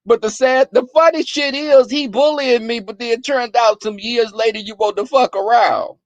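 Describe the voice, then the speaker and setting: Gravelly, profane man telling stories. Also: very high-pitched, moderate pace, no room sound. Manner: profane, animated, laughing storyteller. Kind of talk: casual storytelling to a chat.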